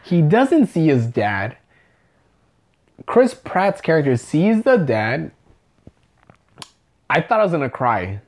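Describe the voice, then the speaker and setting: A man's voice: a little high, big pitch swings, slow pace, long pauses, a little mellow. A drunk man rambling and swearing through a casual chat, calling his partner dude and bro.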